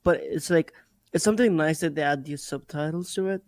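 A man's voice: fairly high pitch, brisk, a little mellow. A man from India, in casual chat, emphatic and repeating himself, swearing casually.

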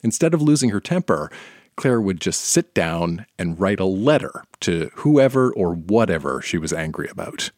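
A man's voice: low voice, sing-song, moderate pace, darkish tone, no echo, clean studio sound. A man hosting the show, telling the story that sets up the guest's reading. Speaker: host. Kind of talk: scripted narration.

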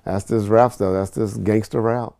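A man's voice: lowish voice, steady tone, moderate pace, vocal fry, warm tone. A man giving candid interview answers, emphatic and self-deprecating. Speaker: interview guest.

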